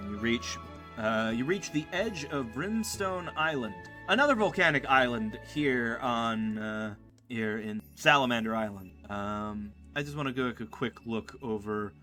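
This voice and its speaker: Brief: male game master, bright voice, halting with fillers, faint music behind. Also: medium pitch. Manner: halting, full of ums and uhs. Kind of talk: narrating a tabletop game.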